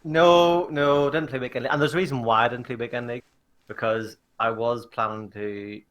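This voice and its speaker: A man with an English accent co-hosting a gaming podcast, telling stories in a lively, joking way. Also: mid-range voice, a little fast, a crowd in the background. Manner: animated storyteller, laughs often. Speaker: podcast co-host. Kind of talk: casual chat.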